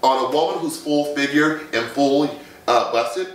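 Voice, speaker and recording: A man's voice: a little high, normal speed. A man who works as a fashion image consultant, giving confident advice on a talk show in lists and short punchy phrases. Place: Las Vegas. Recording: echoey room, far from the mic.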